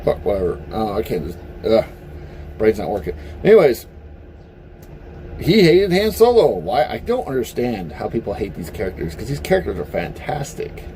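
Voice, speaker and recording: Animated, blunt man ranting. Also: lowish voice, moderate pace, slight background noise. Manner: profane and blunt; animated, heated. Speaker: vlogger. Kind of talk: casual opinion rant.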